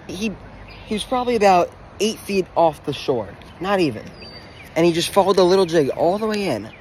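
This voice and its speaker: A young man vlogging outdoors at a small pond, talking straight to his camera in quick, breathless bursts and repeating himself when something surprises him. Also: medium pitch, a little hiss or hum. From Pennsylvania. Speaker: fishing vlogger. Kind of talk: excited outdoor fishing commentary.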